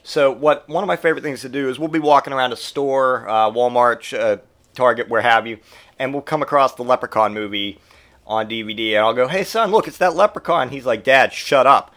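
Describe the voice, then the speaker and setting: This podcast host, a dad who came of age in the eighties, talks fairly quickly at a medium pitch while recovering from a cold. His casual comedic monologue is profane and meandering, full of animation and silly voices whenever he quotes someone.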